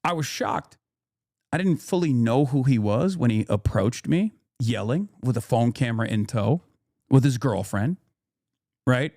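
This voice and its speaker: A man's voice: mid-range voice, lively intonation, unhurried, mellow, no room sound, clean studio sound. A man streaming casual commentary, swearing freely and rambling in an indignant tone.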